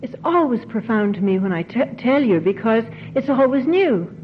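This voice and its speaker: A woman's voice: on the high side, sing-song, moderate pace. Emotional woman doing a recovery talk, repeats herself for emphasis, old tape with a bit of hiss. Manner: earnest, repeats phrases for emphasis. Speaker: recovery convention speaker. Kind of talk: heartfelt recovery talk to an audience. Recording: dull 1990s tape, faint hiss.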